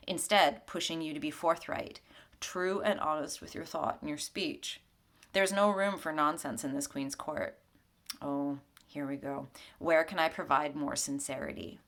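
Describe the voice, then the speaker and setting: Woman spiritual mentor, low gravelly voice, gentle chatty tarot reader who laughs easily. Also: steady tone, unhurried. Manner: gentle, conversational, laughs often. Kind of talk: weekly tarot reading and reflection. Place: home altar.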